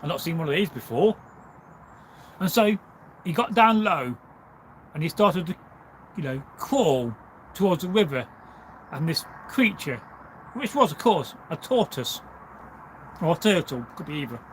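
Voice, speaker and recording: On a livestream, a man casually tells a folk tale in a fairly high voice that swings widely in pitch, going a little slowly and pausing often over a slight hiss or hum. He rambles, drifting into asides and leaning on "you know."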